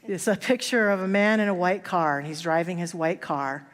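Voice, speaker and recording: A woman's voice: on the low side, normal speed. Woman preaching in a reverberant church. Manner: storytelling, acts out quoted voices. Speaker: minister. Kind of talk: sermon. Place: church sanctuary. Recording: long hall reverb.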